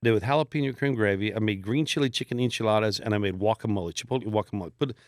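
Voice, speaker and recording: A man's voice: lowish voice, racing, no room sound, clean studio sound. A middle-aged man, a podcast guest telling long rambling stories in casual chat and acting out the voices of people he quotes. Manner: rambling storyteller who acts out quoted voices.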